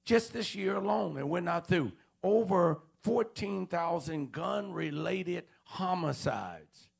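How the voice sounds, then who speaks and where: Gravelly-voiced man preaching a sermon. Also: high-pitched, expressive, slow pace. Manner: call-and-response preaching, repeats questions to the congregation. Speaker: pastor. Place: church auditorium.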